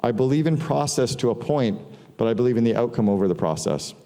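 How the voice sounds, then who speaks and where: A middle-aged man talks to a live audience in a large hall. His voice is mellow and relaxed, and the long reverb of the room trails after each phrase. He speaks casually, swears now and then, and acts out the people in his stories. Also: mid-range voice, quick pace. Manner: casual, profane, storytelling with quoted dialogue. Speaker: speaker giving a business talk. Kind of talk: casual conference talk.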